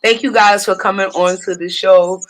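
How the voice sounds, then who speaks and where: A woman's voice: medium pitch, steady tone, normal speed, rough recording. A woman hosting a casual podcast chat, teasing and laughing often. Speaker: podcast host.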